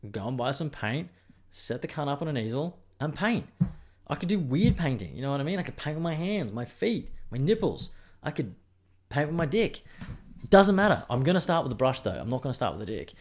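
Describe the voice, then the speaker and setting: Australian man, mid-pitched voice, solo podcast host; loose, profane, self-mocking ramble into a studio mic. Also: darkish tone. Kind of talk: casual solo podcast chat.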